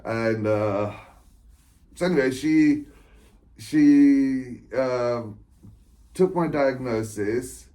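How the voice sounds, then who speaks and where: A man at an average pitch tells a long personal story straight to camera. He wanders and restarts, often checking in with a quick "right?" and breaking into short laughs. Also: mellow. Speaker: author and spiritual coach. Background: England.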